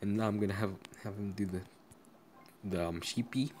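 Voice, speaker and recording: A woman giving casual gameplay commentary, gushing in baby talk at a virtual pet with sudden squeaky jumps. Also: normal speed, a little mellow, slight background noise. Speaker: gaming vlogger.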